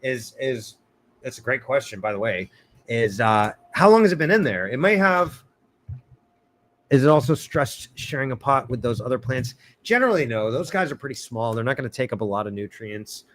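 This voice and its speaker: A man's voice: mid-range voice, sing-song, moderate pace, fairly bright tone. A man hosting a casual live arborist Q&A, cracking puns and laughing often as he answers viewers. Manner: joking, punny, laughs often. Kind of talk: casual livestream Q&A.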